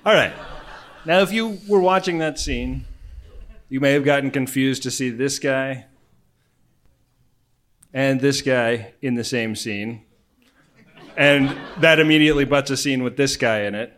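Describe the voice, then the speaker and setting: A man's voice: medium pitch, measured pace, pauses often, a bit bright. A man co-hosting a casual, laid-back podcast, cracking jokes in a mid-range voice. He rambles a little, restarts his sentences and laughs often. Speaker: podcast co-host. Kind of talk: casual comedic chat.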